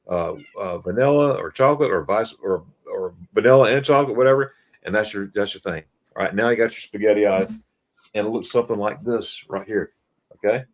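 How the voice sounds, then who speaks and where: A middle-aged man hosting a casual live stream, telling animated stories and quizzing his listeners as he goes. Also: fairly low pitch. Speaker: host.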